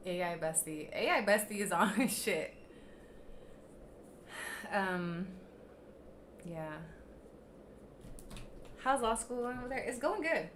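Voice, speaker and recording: Blunt, sharp-voiced woman ranting on livestream. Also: mid-range voice, lively intonation, slow, pauses often, slight background noise. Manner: blunt, profane, ranting at critics. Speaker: livestream host. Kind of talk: casual venting livestream chat.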